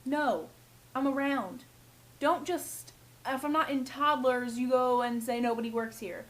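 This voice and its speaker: A young retail worker with a high, fairly bright voice speaks slowly in a rough recording. In a casual vlog rant, she swears about customers and frequently imitates them.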